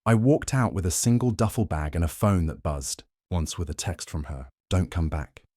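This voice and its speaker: A young man narrating his own dramatic story in the first person, brooding and measured, with a vengeful edge. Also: low voice, lively intonation, darkish tone, slightly rough, no echo, clean studio sound.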